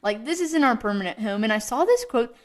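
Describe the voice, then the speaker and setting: A woman's voice: fairly high pitch, animated, fairly quick. A young woman hosting a faith podcast, talking in an earnest, rambling way with lots of fillers. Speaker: podcast host. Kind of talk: casual faith podcast chat.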